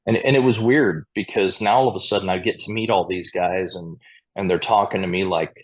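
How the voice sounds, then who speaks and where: Speaking a little fast in a low voice, this Montana square dance caller shares chatty anecdotes as a guest on a podcast. It's a relaxed storytelling interview, and he chuckles here and there.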